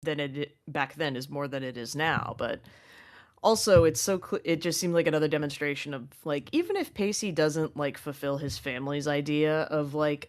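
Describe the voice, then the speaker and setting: Low-voiced woman, rambling podcast chat. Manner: rambling with many fillers and restarts. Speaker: podcast co-host. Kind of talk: casual recap chat.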